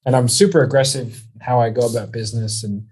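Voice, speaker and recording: A man hosting a podcast, talking quickly and energetically and acting out quoted sales exchanges. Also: medium pitch, steady tone, darkish tone, slightly rough. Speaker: podcast host. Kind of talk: casual podcast interview.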